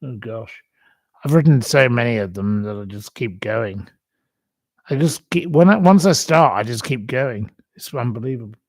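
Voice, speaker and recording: A man's voice: mid-range voice, lively intonation, normal speed, dry recording. A man hosting a casual live stream, chatty and apologetic, swearing now and then as he runs a quiz over a computer microphone. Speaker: livestream host. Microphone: computer webcam mic.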